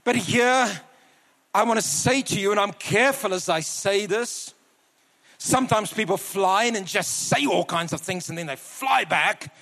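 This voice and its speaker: A man preaching a sermon to a church, telling a personal story earnestly and slowing down for emphasis. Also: high-pitched, creaky, pushed and bright, long reverb tail. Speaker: guest preacher. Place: large church hall.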